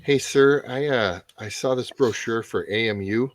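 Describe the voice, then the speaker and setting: A man's voice: medium pitch, no room sound, natural voice. A man playing a nervous young soldier who halts and stammers while asking his commander for time off. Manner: halting, full of pauses and uhs.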